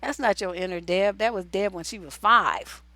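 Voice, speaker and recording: A woman's voice: mid-range voice, normal speed, pushed and bright, no echo. A woman hosting a relationship advice livestream, reading viewer letters aloud and cutting in with blunt, casual, profane remarks.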